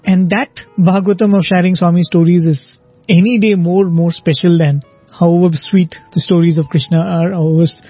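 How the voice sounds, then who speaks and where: Older male guest, high pitched and husky, anecdotal storyteller; muffled recording, faint music. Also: steady tone, fairly quick, no room sound. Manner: warm anecdotal, laughs often, uses "you know". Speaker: guest recounting stories. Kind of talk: conversational storytelling.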